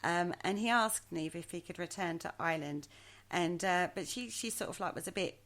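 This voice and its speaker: Here a woman speaks at normal speed in a lowish, slightly bright voice. Co-hosting a podcast, she narrates a legend casually, hesitating, chatting along, and making self-mocking jokes about her pronunciation.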